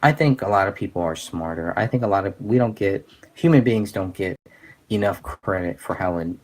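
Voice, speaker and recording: A man hosting a casual commentary show, talking in an earnest, halting way with many fillers and restarts. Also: sits low, a little mellow. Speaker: podcast host.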